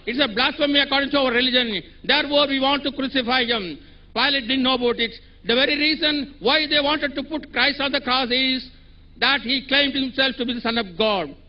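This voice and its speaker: A man asking a question from the audience at a public event, earnestly quoting scripture at length. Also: very high voice. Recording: dull lo-fi event recording.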